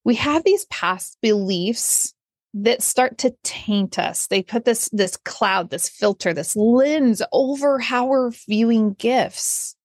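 A woman's voice: fairly high pitch, lively intonation, slow, a little mellow, no echo, studio quality. A middle-aged woman hosting a motivational podcast, talking earnestly and expressively, laughing often and acting out little quotes. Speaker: podcast host.

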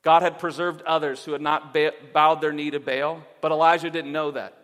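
A male pastor preaching a sermon in a church, earnest, swinging between emphatic passages and hushed ones. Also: fairly high pitch, little pitch movement, normal speed. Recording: long reverb of a large hall.

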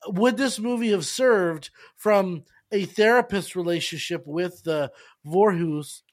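A man's voice: sits high, slow. A man hosting a casual film review chat, asking questions and often restarting his sentences. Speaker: podcast host.

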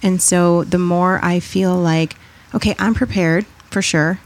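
A woman speaks as a guest on a podcast, in a relaxed, conversational and reflective way. Her voice sits a little low, and she brightens up when she tells a story. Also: unhurried. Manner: reflective, animated when telling stories, acts out quoted voices.

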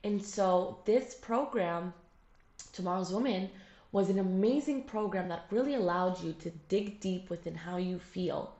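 A young woman from Jerusalem, a podcast guest, telling her story in an earnest, animated way with many fillers. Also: lowish voice. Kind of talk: casual conversational interview. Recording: roomy, muffled lo-fi sound.

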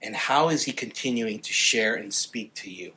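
A male pastor preaching a sermon with earnest passion, growing louder and more fervent on key points. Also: fairly low pitch, moderate pace, a little hiss or hum.

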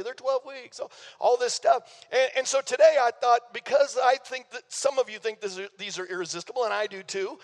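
An older man, preaching a sermon as pastor in a folksy, playful way. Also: extremely high pitch. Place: church sanctuary. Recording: long reverb of a church hall.

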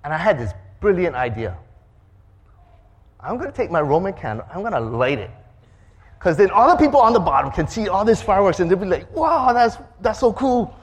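Pastor guy telling a story, lively up and down voice, does the sound effects himself. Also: high-pitched, a little fast, pauses often, breathy edge. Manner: animated, acts out sounds and voices. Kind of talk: storytelling sermon.

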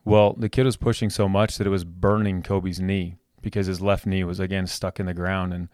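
A man's voice: deep voice, little pitch movement, moderate pace, darkish tone, no echo, studio quality. A man hosting a podcast, telling a heartfelt personal story about his son with many restarts and repeated words. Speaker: podcast host.

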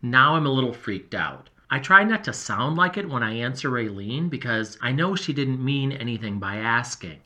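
A man voicing an earnest boy explorer who tells his journal everything, in a lively, emotional, confiding first-person delivery. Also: medium pitch, moderate pace, hardly any pauses. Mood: excited. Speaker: narrator. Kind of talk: first-person audio storytelling.

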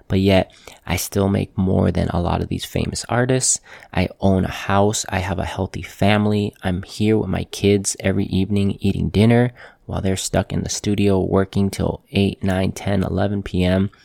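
A man who works as a tattoo artist, hosting a motivational talk to camera in a calm, earnest, plainspoken way, repeating phrases for emphasis. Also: deep voice, gravelly, no room sound, studio quality. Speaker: tattoo artist, show host.

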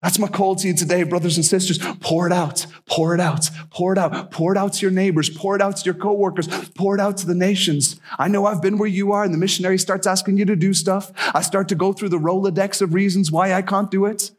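A male missionary preaches a sermon in a casual, emphatic way, repeating key phrases. His voice is high-pitched and breathy. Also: fairly even intonation, quick pace, few pauses.

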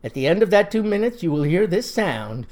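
A man's voice: high-pitched, sing-song, brisk, darkish tone. A man voicing an earnest small-town lodge president who speaks with a heavy stutter or with stiff formality.

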